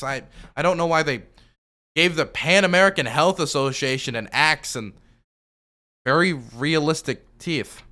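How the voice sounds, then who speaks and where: Brief: male streamer with a bright, slightly high voice, rebutting a video in a loose, argumentative way. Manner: argumentative, rebutting with repeated objections; loose, full of fillers and restarts. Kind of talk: commentary.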